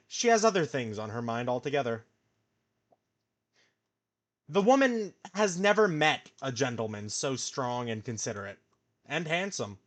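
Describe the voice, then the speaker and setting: A man's voice: fairly high pitch, fairly bright tone. Man narrating a comic like a storybook. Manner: playful, dramatic storybook narration. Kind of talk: reading a comic aloud on stream.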